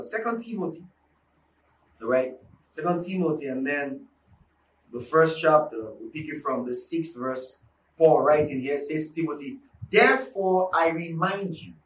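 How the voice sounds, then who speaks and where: A man preaching a sermon with emphatic repetition, building to shouts. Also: on the high side, normal speed. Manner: emphatic, repeats lines for force, swells to shouts. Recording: echoey room, mic at a distance, faint background noise.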